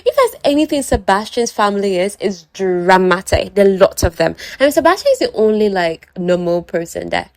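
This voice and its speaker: A young woman retells a romance novel in a chatty, animated way, dramatizing freely. Her voice sits at a middle pitch. The recording is dry and close. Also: a little fast, few pauses, dry recording. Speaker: book summary vlogger. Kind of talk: casual story retelling.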